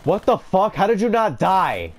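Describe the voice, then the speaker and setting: A man doing live gameplay commentary, raging, swearing and yelling in frustration. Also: high voice, wildly swooping pitch, normal speed, a little hiss or hum. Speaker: gamer streamer.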